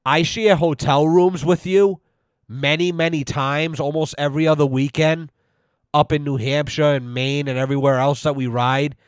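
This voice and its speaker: A podcast host with a fairly high, clear, resonant voice rants in mock seriousness on his own show. The studio-quality audio has no room sound, and he swears freely while repeating "you know" over and over.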